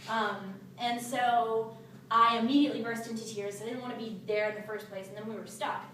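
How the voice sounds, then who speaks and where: A young woman casually telling a funny story to a small group, animated and laughing, with many fillers. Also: on the high side, fairly quick, slight background noise. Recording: roomy, distant mic, faint ambience.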